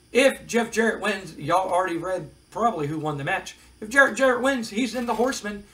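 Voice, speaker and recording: A man's voice: sits high, fairly bright tone, rough recording. A man casually recapping a wrestling management game, reading out match scores with wry asides. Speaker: game commentator. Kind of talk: casual play-by-play of a wrestling sim.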